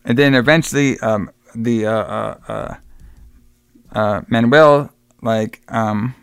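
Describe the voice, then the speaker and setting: A man's voice: mid-range voice, slow pace, creaky, clear, resonant tone, no echo. Brief: male co-host retelling a film plot in loose, swearing chat, dry close mic. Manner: rambling, profane, acts out characters' lines. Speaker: podcast co-host. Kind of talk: casual movie recap.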